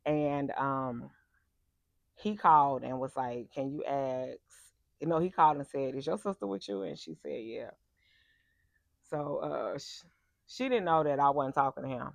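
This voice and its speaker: A woman tells a personal story in a casual, animated, emphatic way. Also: a bass voice, a little slow, creaky, long pauses, no echo. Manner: animated and emphatic, acts out the people she quotes. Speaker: vlogger telling a personal story.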